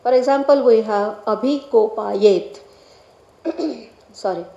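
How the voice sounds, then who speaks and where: A woman reading out an academic lecture in a measured, deliberate way, carefully pronouncing technical Sanskrit terms. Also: on the high side, warm tone, roomy sound, dull audio. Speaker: scholar presenting a paper. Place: lecture hall.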